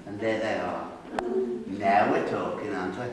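A man's voice: on the low side, normal speed. A man, a local historian telling humorous, folksy stories to an audience and teasing them with questions. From Staffordshire, England. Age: 90s. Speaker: local historian giving a talk. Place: hall with a live audience. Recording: echoey hall, far from mic, crowd noise.

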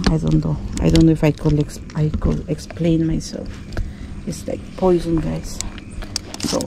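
A woman vlogging outdoors as she climbs a ruin, talking to her viewers in a slow, unhurried way full of nervous exclamations. Her voice sits low and a little gravelly, with a dark, mellow tone. It is picked up on an action camera. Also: a little hiss or hum. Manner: nervous running commentary to viewers, many exclamations. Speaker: travel vlogger. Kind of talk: handheld travel vlog commentary.

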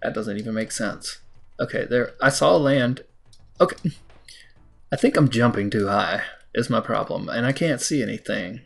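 Talking to the game as he plays, this American let's play host keeps things casual, mocks himself and bursts into abrupt high-pitched exclamations. He speaks at a moderate pace with a creaky quality.

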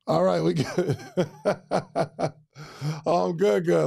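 High, gravelly man chatting excitedly. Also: slow, long pauses. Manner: excitable, repeats phrases, chatty with viewers. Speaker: podcast host giving advice. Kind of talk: casual livestream talk.

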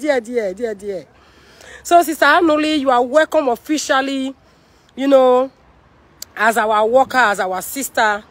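A Nigerian woman on a live stream, talking to her fans in an emphatic, preaching way, repeating her phrases and mixing Pidgin with English. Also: fairly high pitch. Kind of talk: livestream talk with preaching.

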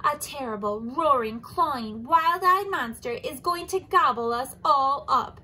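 A woman's voice: high voice, lively intonation, unhurried, pushed and bright, exaggerated voice. Woman doing a panting, frantic giraffe. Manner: breathless, urgent.

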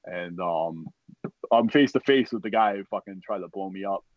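A man's voice: sits low, moderate pace, dry recording. A man, a podcast guest and army veteran, tells a war story in casual, profane language, acting out what others said and leaning on "like" and "you know". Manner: profane, animated retelling with acted-out quotes; heavy use of "like" and "you know". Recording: dull, dry podcast audio.

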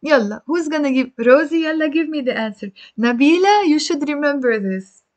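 A woman's voice: sits high, lively intonation, brisk, darkish tone. A woman with a Lebanese accent teaching a live Arabic lesson, explaining patiently in English and Arabic and putting questions to her viewers. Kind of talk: live-streamed language lesson.

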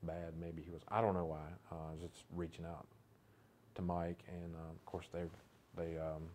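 A sheriff speaks in a very low, level voice with little rise and fall. He recalls events slowly and reflectively, pausing with fillers. The setting is a documentary interview. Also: little pitch movement, a little mellow, a little hiss or hum.

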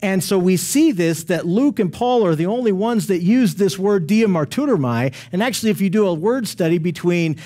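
A man with a fairly high voice teaching a verse-by-verse Bible lesson. He explains slowly and carefully, and he often rephrases and repeats himself to drive a point home. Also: expressive, warm tone.

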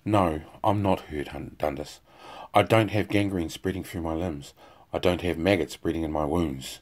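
Sarcastic worn-out surgeon guy, low voice , man reading it. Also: normal speed, a little mellow. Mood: bitter. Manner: cutting, sarcastic. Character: bitter outspoken male army surgeon.

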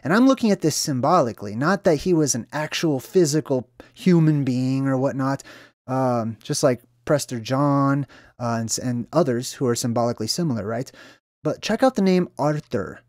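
Mid-pitched man in a dry recording. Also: animated, normal speed, a little mellow, no room sound. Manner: conversational, frequent "right?" and "um" fillers; talks straight to viewers. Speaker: video host. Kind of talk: solo symbolism explainer monologue. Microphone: own mic after a sound check.

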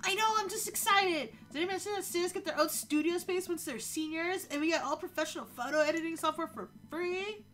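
A woman voicing an excitable teenage daughter in a chatty, giggly way. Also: high-pitched, moderate pace, faint music behind. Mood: excited.

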